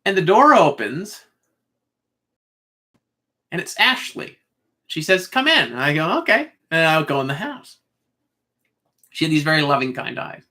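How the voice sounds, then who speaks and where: Guy rambling through a spiritual story, tense bright voice, lots of uhs and likes. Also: on the high side, big pitch swings, a little slow, long pauses. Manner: loose and meandering, full of fillers like "like" and "uh". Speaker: speaker sharing a spiritual vision.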